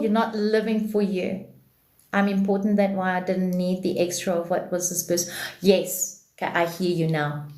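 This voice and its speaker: A woman giving a spiritual talk on a live stream, answering her chat and repeating key phrases slowly for emphasis. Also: medium pitch, a little mellow, echoey room.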